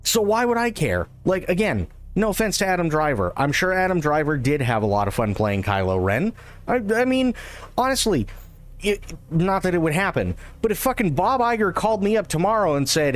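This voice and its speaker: A man's voice: sits high, big pitch swings, a little fast. A man ranting profanely in casual live-stream chat.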